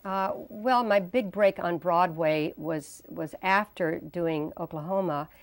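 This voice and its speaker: Low-voiced woman, lively storyteller. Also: slow, dry recording. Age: 60s. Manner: animated storyteller acting out quoted voices. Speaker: interview guest. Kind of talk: casual storytelling interview.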